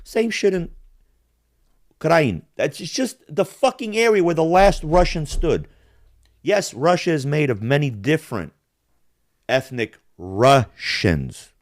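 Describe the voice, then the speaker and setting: Man, podcast host, heated profane rant, swooping lively pitch, dry close sound. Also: unhurried, no echo. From Balkans. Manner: heated, profane, animated, mimics accents.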